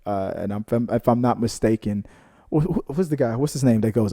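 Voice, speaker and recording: A man with a mellow, dark-toned voice reads viewer comments aloud on a casual reaction show. He keeps wandering off into side stories and then apologizes for them. His pitch is average for a man. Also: brisk. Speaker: co-host of a reaction channel reading viewer comments. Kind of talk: casual chat.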